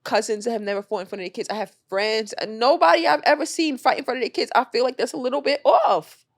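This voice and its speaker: Animated young woman podcast co-host. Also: fairly high pitch, fast talker, dry recording, studio quality. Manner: animated storytelling, acts out quotes loudly. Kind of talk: casual chat.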